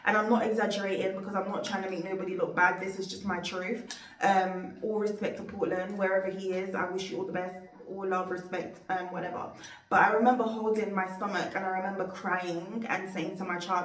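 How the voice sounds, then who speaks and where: A woman's voice: mid-range voice, level tone, fairly quick. A young woman telling a personal story in a heartfelt, rambling, faith-filled way. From Jamaica. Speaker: vlogger. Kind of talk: emotional storytime monologue. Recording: roomy, distant from mic.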